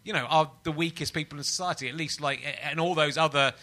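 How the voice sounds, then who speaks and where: A man's voice: fairly high pitch, fairly even intonation, fast talker, pushed and bright. A man and comedian in casual conversation, rambling with many restarts and fillers.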